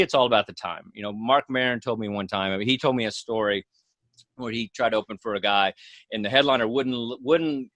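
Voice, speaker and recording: A man with a bright, forceful voice, recorded dry and close. He is a comedian guest on a podcast, telling a story in a rambling, animated way and swearing freely. His pitch sits mid-range. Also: no echo.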